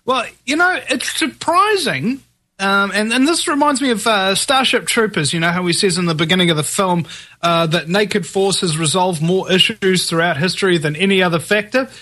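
A male guest in a casual conversation talks in an animated, disbelieving way and rambles through his points with fillers. His voice is high and bright. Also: moderate pace. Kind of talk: casual chat.

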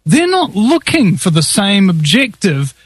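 A man's voice: high voice, very animated, unhurried, slightly rough, dry recording. A man with a New Zealand accent hosting a talk radio show, joking and rambling with many fillers. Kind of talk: casual radio chat.

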